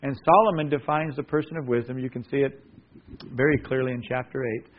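A man preaching a sermon, earnestly addressing listeners as "son" and building up to lively emphatic passages. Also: mid-range voice, fairly quick, phone-quality sound. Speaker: pastor.

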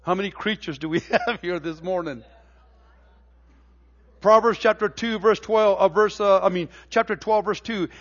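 The speaker is a middle-aged pastor in a church sanctuary whose sermon builds from homey stories with stammered restarts into emphatic preaching. He has a high voice and normal pace, captured with lo-fi sound.

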